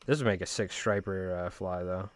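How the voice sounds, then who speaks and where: A man's voice: sits low, moderate pace, no echo. Laid-back guy, slangy stream chat. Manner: casual, slangy, chatty. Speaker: fly tying streamer. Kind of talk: live-stream chat while tying flies.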